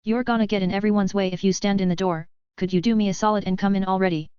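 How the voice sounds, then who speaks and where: Female narrator plays a cocky, slang-heavy young receptionist who teases everyone; crisp, dry read. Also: medium pitch, fairly even intonation, fast talker, a little mellow, no room sound, lightly acted. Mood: teasing. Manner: laid-back street slang, teasing. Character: brash slangy young woman inn receptionist. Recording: dry, slightly dull lo-fi.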